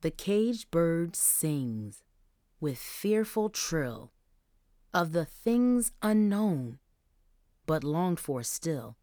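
A woman voicing a big, gruff male teacher who recites a poem slowly and with feeling. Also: sits low, sing-song, dark tone, dry recording, studio quality, heavily acted. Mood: tender. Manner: slow, measured recitation.

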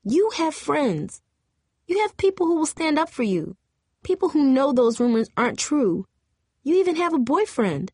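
A woman's voice: sits high, sing-song, moderate pace, a little mellow, no echo, clean studio sound, pitched above the performer's own voice. A woman reading an audiobook, voicing a tearful, bitter teenage girl cheerleader in a shaky, raised voice. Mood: upset. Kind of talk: audiobook character voice.

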